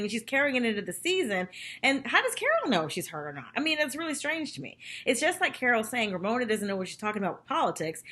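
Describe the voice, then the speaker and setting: A young woman vlogger chatting casually about a reality show episode, gossipy and animated, acting out what people said. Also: a little high, slightly rough. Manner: animated, gossipy, acts out quotes.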